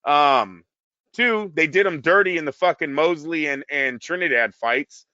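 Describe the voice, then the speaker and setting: A man's voice: on the high side, measured pace, bright, forceful tone, no echo, dull audio. A man hosting a boxing podcast in casual, profane chat, putting questions to his listeners.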